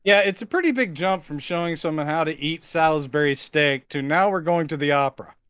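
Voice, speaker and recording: A man's voice: on the high side, fairly quick, a bit bright, clear, resonant tone, dry recording. A man co-hosting a podcast, recapping a movie in casual chat with a dry, sarcastic manner. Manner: dry, sarcastic, acts out quotes. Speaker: podcast co-host.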